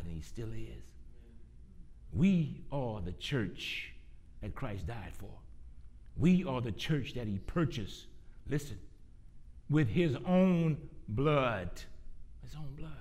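A man preaching a sermon. He swings from loud, slow, stretched-out emphasis to hushed low passages, with quick joking asides to the congregation.

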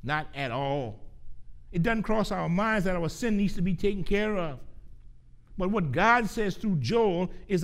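Emphatic high-voiced male preacher. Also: lively intonation, normal speed, vocal fry, fairly bright tone. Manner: earnest, emphatic, repeats key phrases for stress. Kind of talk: sermon.

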